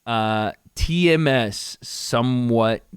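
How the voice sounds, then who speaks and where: Animated casual male podcast host. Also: mid-range voice, takes it slowly, smooth, no echo, studio quality. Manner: animated, swears freely, does mocking impressions. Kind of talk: casual chat.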